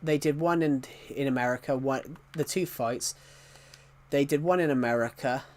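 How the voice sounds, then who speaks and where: A man's voice: mid-range voice, moderate pace. A young British man in his twenties, live-streaming a football video game and chatting loosely, often restarting sentences and chuckling. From United Kingdom. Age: 20s. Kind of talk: casual live-stream chat while playing a football game.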